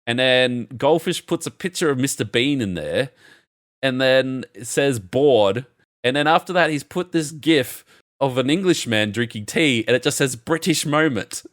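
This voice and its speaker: A man's voice: mid-range voice, animated, moderate pace, a bit bright, dry recording, studio quality. A young Australian man co-hosting a podcast, chatting casually and laughing often as he reads out chat messages. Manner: laughs often while reading chat logs aloud. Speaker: podcast co-host.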